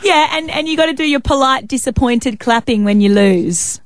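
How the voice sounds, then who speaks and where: A young woman co-hosting a casual radio show, chatty and quick to laugh. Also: sits high. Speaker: radio co-host. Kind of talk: casual breakfast radio chat.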